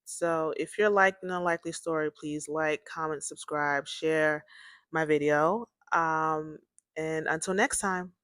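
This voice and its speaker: A woman's voice: sits low, fairly even intonation, unhurried, a bit bright, clear, resonant tone, no room sound, clean studio sound. A woman hosting her own series, telling a personal story in a casual, rambling way, repeating herself and talking to listeners as "y'all.".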